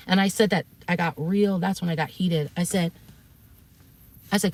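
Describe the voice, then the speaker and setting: A woman's voice: lowish voice, normal speed, gravelly, long pauses. A woman streamer telling her chat about an argument in a heated, profane way, often acting out quotes. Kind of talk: casual storytelling to stream chat.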